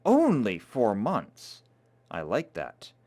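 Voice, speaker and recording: A man's voice: lowish voice, huge pitch swings, slow pace, mellow, heavily acted. A man reading aloud, voicing a fussy, disapproving young woman who scolds her friend. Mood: scolding.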